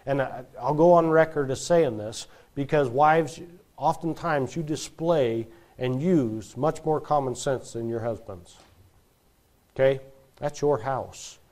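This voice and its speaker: A man in his thirties preaching a sermon, telling stories with lively delivery and acting out quoted voices. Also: medium pitch, unhurried. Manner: animated storytelling, acts out quoted voices. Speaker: pastor.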